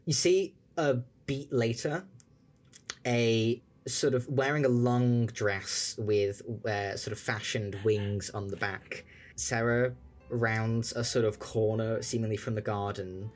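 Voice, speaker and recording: A man's voice: fairly low pitch, slow pace. Game master guy, easygoing narration, faint music under. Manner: relaxed, descriptive, with fillers.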